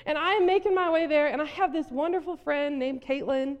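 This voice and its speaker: A woman's voice: high-pitched, brisk, highs cut off. A woman pastor from South Dakota preaching a sermon, telling a story animatedly with frequent laughter. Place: church hall. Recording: long reverb of a hall.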